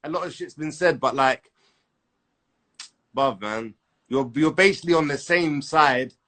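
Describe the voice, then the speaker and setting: A man's voice: fairly high pitch, a little slow, sharp tone. A man hosting a casual podcast chat, laid-back and persuasive, full of slang.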